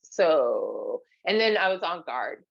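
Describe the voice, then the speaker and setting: A woman's voice: deep voice, very animated, slow, creaky, no echo, lo-fi sound. A woman guest on a podcast telling her own story in a candid, casual way, with many fillers and restarts as she quotes the people around her.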